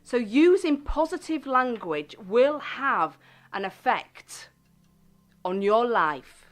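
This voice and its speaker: A woman hosting a self-help radio show, speaking gently and deliberately and stressing key words. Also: a little high, big pitch swings, soft background music.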